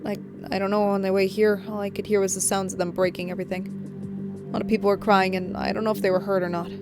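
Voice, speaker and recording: A woman's voice: medium pitch, flat delivery, fast, music in the background, lightly acted. Woman reading as an anxious young inventor. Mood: worried. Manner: anxious, hesitant.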